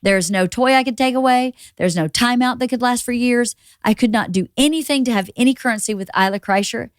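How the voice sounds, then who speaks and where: A woman's voice: a little high, a little fast, no room sound, clean studio sound. A woman in her forties, a mother co-hosting a podcast, telling parenting stories in an earnest, reflective way. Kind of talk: casual podcast chat.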